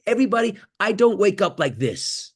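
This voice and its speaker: A man giving an animated motivational talk on a video call, swinging from loud exclamations to near-whispers. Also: high-pitched, moderate pace, husky. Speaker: guest speaker on an acting workshop call.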